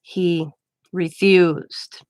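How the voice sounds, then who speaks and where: A woman's voice: fairly low pitch, flat delivery, drawn-out words, a little mellow, clean tone, no room sound. A woman in her forties hosting a craft channel, telling a story in rambling casual chat, full of restarts and cut-off words. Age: 40s.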